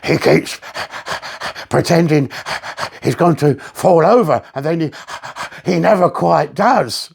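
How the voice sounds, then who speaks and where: A man's voice: fairly high pitch, slow pace, creaky, long pauses, a little mellow, slightly rough, heavily acted. A man doing a panting chatty spotted dog.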